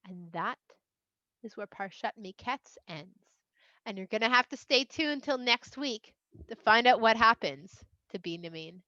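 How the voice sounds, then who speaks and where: Female storyteller for children; chatty, expressive, bright, dry recording. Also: fairly high pitch, a little slow, no room sound, muffled recording. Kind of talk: casual storytelling for kids.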